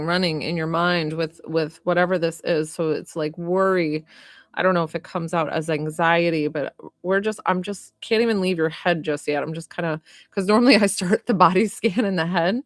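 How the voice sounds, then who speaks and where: Woman, spiritual healer, live stream, soft and soothing, many fillers, dry close sound. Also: fairly low pitch, no room sound. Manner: gentle, soothing, unhurried with frequent fillers. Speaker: medium and energy healer. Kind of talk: live-stream reading and healing session.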